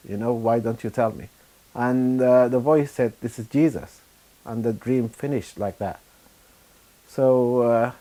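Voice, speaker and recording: A middle-aged man from Sudan, giving a personal testimony in a halting, unhurried way with frequent pauses and fillers. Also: mid-range voice, darkish tone. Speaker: churchgoer giving his testimony.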